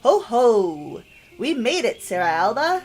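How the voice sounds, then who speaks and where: A woman voicing a jolly old male ship skipper, booming and attempting a rough sailor accent. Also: very animated, slow, darkish tone, full character voice. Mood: hearty.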